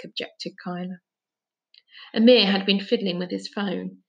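A woman reads a children's novel aloud in a steady, even narrating voice. Her pitch sits in a middle range. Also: normal speed. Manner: steady narration, lighter on dialogue tags. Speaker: reader. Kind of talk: reading a children's book aloud.

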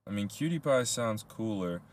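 A man's voice: fairly low pitch, lively intonation, moderate pace. A young man co-hosting a casual podcast chat, rambling through his answers with frequent laughs and casual swearing. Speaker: podcast co-host.

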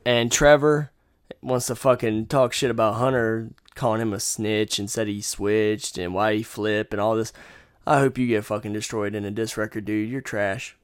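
Man, angry rant, profane, combative, smooth resonant voice, dry close mic. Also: fairly low pitch, level tone, normal speed, no echo. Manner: angry, combative, swearing constantly. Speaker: podcast host. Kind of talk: profane ranting monologue.

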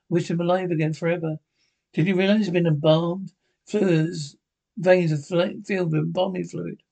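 Brief: male script reader, slightly high, gravelly, reads dialogue and sound cues flatly. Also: normal speed. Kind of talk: reading a horror film script aloud.

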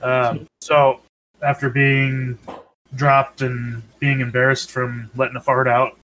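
A man's voice: medium pitch, flat delivery, takes it slowly, fairly bright tone, slight background noise, poor audio. A man playing a tabletop game over a voice call, matter-of-fact. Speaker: player.

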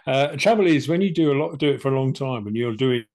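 A man's voice: medium pitch, lively intonation, fast, darkish tone. Chatty older man. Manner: chatty, plain-spoken, acts out both sides of conversations. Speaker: podcast co-host telling his cancer story. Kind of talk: casual storytelling chat.

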